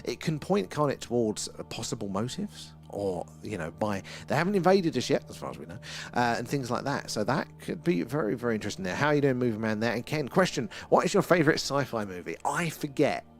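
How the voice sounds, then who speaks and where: A man's voice: medium pitch, very animated, a little fast, vocal fry. A middle-aged man with an English accent hosting a live stream, chatting with viewers and reading out their comments in a rambling, friendly way. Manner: chatty and rambling, reads out chat names, laughs often. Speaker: livestream host.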